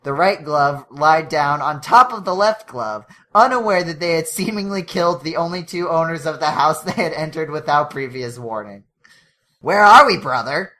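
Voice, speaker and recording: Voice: medium pitch, moderate pace, few pauses, bright, forceful tone. Podcaster laughing through a fanfiction reading. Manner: reads with frequent laughs and self-corrections. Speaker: podcast co-host reading aloud.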